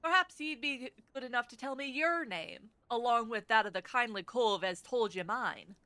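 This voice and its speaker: A woman's voice: fairly high pitch, normal speed, bright, forceful tone, dry recording. A woman voicing a swaggering male rogue guildmaster, reading game dialogue aloud in a thick put-on Scottish-style accent. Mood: sly.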